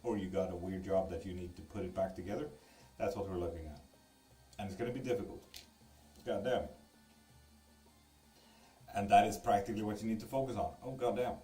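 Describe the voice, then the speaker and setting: Tarot streamer, man, low mellow voice, laid-back and profane, chatting to viewers from an echoey room away from the mic. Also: fairly even intonation, fairly quick, long pauses, far from the mic, faint music behind. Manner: loose, joking, swears freely while reading viewer comments. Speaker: tarot reader and live streamer. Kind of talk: casual live-stream chat.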